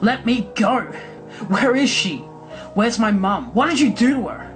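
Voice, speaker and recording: A man voicing a frightened young boy who shouts and pleads in a storybook reading. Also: high voice, animated, normal speed, soft background music, voice pushed up, low-quality recording. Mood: panicked. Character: frightened young boy, panicked then tearful.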